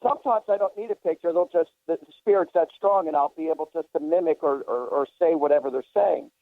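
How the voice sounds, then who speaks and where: A man's voice: a little high, fast talker, vocal fry, dry recording. A man hosting a psychic radio show, telling stories in a rambling way with many restarts. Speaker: psychic medium radio host. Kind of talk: casual radio chat. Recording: dry thin phone-line sound.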